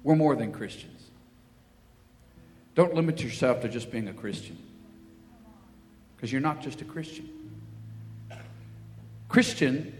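A man preaching a sermon, telling Bible stories and acting out the voices of the people in them. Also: medium pitch. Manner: storytelling, acting out voices in quotes. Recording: long hall reverb, faint ambient noise.

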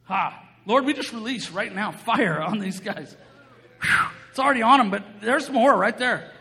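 A man preaching with a very high, bright, ringing voice that carries through a big hall with long reverb. He tells his story with energy, laughs often and breaks into shouts as he plays out the voices in it. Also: lively intonation, normal speed. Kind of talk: sermon with storytelling.

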